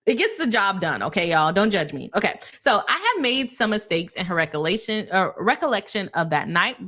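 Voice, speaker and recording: A young adult woman hosting a casual live-stream legal commentary, talking to her viewers in an animated, heated way and calling them "y'all". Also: lowish voice.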